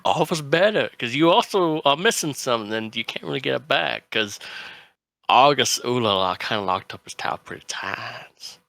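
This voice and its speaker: A man playing a brash, smooth-talking man who runs a shady business, pitching like a salesman with loud bursts. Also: lively intonation, normal speed, no room sound. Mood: salesy.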